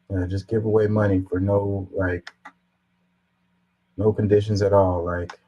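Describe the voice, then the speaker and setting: A man's voice: on the low side, moderate pace, low-quality recording. Casual man reading comments. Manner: sarcastic, animated when mocking. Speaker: commentary host.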